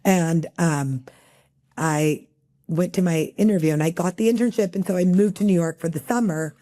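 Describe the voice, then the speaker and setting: A middle-aged woman from El Paso talks as an interview guest, her voice low-pitched and mellow. She tells stories in a loose, chatty way with lots of fillers. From El Paso, Texas. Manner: chatty, many fillers, quick storytelling. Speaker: guest, magazine editor. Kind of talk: casual interview conversation.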